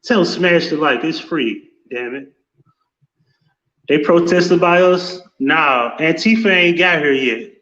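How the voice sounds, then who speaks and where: Brief: male streamer, casual and profane, slightly high voice, roomy lo-fi sound. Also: unhurried, a bit bright. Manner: profane, loose and talkative, greeting chat viewers. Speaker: live-stream host. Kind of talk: casual live-stream chat. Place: home office. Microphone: without headset, room mic. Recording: echoey room, dull lo-fi sound.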